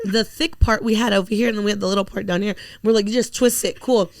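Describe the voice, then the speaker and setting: On a recording with a little hiss or hum, a young female podcast co-host speaks at a quick pace in a medium-pitched voice. Her casual storytelling is lively and full of swearing, and she performs other people's quotes.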